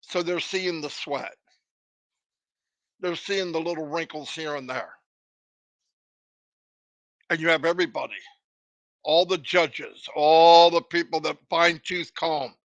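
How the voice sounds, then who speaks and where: A man's voice: fairly high pitch, slow, long pauses, no room sound. A man giving a live motivational talk, emphatic and full of rhetorical questions. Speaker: motivational speaker.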